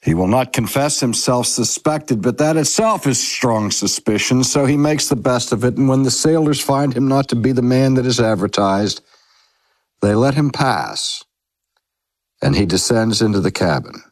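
A man reading aloud a sermon from a novel in a measured, dramatic way. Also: medium pitch, no room sound. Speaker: reader. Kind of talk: scripted narration of a sermon from a novel.

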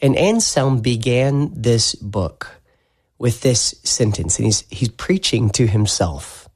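A man's voice: mid-range voice, lively intonation, darkish tone, husky. A man preaching a sermon, reading a psalm aloud, praying and then explaining it in an earnest manner. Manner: slow, earnest scripture reading and prayer. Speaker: pastor.

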